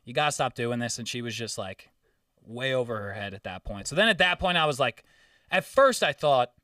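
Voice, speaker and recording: A young man hosting a podcast, telling a story in casual chat, swearing often and getting animated. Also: mid-range voice, normal speed, dry recording, clean studio sound, recorded from a distance. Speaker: podcast host.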